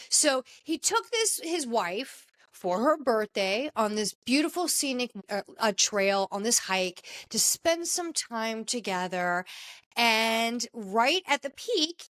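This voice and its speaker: A woman podcast host telling a news story in casual commentary, with fillers, restarts and lively emphasis. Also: fairly high pitch.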